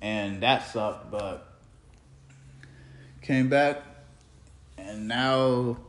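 A man's voice: medium pitch, extremely slow, long pauses. A man hosting his own podcast, telling a loose, rambling story full of slang and restarts. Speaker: podcast host. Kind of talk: rambling casual monologue. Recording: roomy echoey room.

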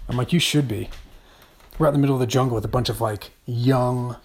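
A man's voice: medium pitch, fairly even intonation, rapid-fire, darkish tone. A man hosting a podcast, telling a travel story in a wry, rambling monologue full of fillers. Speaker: podcast host.

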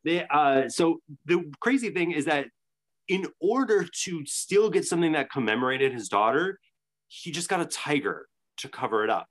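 A man's voice: a little high, expressive, moderate pace. A man co-hosting a podcast, telling a story in casual chat with many restarts. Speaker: podcast co-host.

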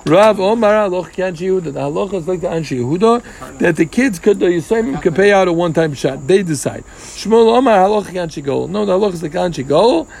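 A man's voice: high-pitched, lively intonation, fairly quick, creaky, darkish tone. A man teaching a casual Talmud class in English, explaining step by step, mixing in Hebrew and Aramaic terms and joking asides with his students.

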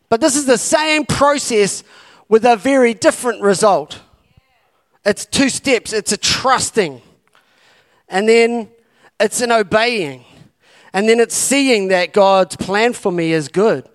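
High-voiced New pastor preaching. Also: male voice, takes it slowly. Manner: impassioned, repetitive exhortation. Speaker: campus pastor. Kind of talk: sermon.

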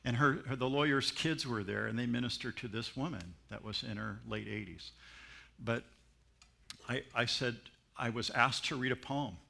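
A man's voice: medium pitch, normal speed, vocal fry. A man preaching a sermon as pastor, telling stories and mimicking voices along the way. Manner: animated storytelling with mimicry and laughs.

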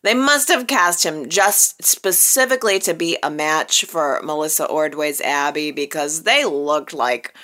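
A woman's voice: deep voice, unhurried, few pauses, pushed and bright. A woman hosting a soap opera recap, chatting casually and playfully, often laughing at her own jokes. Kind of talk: casual chat.

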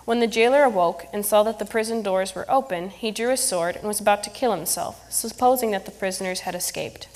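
A woman reading a Bible passage aloud in church, steady and measured. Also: mid-range voice. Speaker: scripture reader. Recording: long reverb in a church hall.

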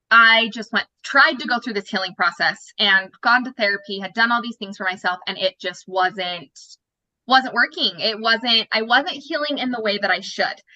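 A woman's voice: mid-range voice, sharp tone, dull audio. A young woman telling her personal story as an interview guest, candid and emotional, often restarting her sentences.

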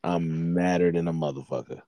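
A man in his thirties telling a story in a casual, profane, animated chat, worked up and blunt. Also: low voice, normal speed, dry recording.

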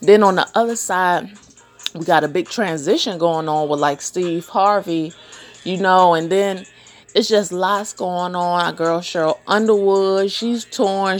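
A woman hosting a podcast, telling funny weekend stories in a casual, animated way and acting out the other people in them. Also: fairly low pitch. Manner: animated storytelling, laughs often, acts out voices. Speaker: podcast host. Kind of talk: casual chat.

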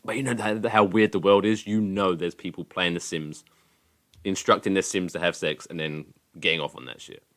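Man, podcast host, lowish voice, bright forceful tone, blunt, sweary, casual chat. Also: fairly even intonation, normal speed. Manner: blunt, sweary, wry questioning.

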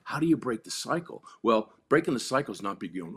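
A man's voice: medium pitch, sing-song, brisk, breathy edge. A man telling a story in an interview, blunt and profane, acting out the voices of the people in it. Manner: blunt, profane, acts out quotes with rising intensity. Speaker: podcast guest.

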